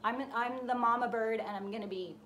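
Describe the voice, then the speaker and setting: Woman hosting a live stream, kinda high voice, tells stories and does little voices, bit of hiss. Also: brisk. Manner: animated storyteller, acts out voices in her anecdotes. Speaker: host of a painting and design group. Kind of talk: casual live-stream storytelling. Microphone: live stream setup.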